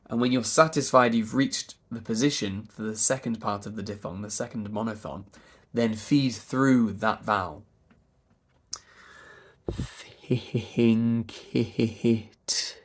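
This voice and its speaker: A man with a Received Pronunciation accent coaching pronunciation, repeating words and sounds slowly, now and then whispering them. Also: mid-range voice. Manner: drawn-out demonstration sounds, repeating words and phonemes, with whispered bits. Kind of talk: slow, deliberate pronunciation lesson.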